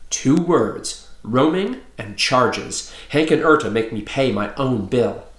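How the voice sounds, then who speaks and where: A man reading aloud voices a gruff, wisecracking male alien teenager with a snappy, streetwise drawl. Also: medium pitch, animated, takes it slowly, roomy sound.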